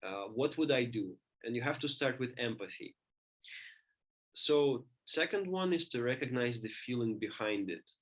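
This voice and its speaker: Man, lecturer, halting delivery, frequent restarts, middle-pitched voice. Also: animated. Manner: thinking aloud, many restarts and fillers. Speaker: teacher.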